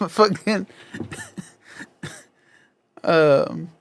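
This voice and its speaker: A man's voice: on the high side, very slow, no echo. A man co-hosting a comedy podcast, swearing constantly and laughing a lot in crude casual banter, full of fillers. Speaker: podcast co-host.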